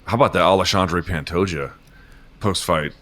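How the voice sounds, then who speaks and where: A man in his forties, an interview guest, talking casually on a video call in a rambling, halting way, swearing often. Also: low voice, a bit bright. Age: 40s. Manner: rambling, halting, emotional and profane. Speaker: interview guest, MMA journalist.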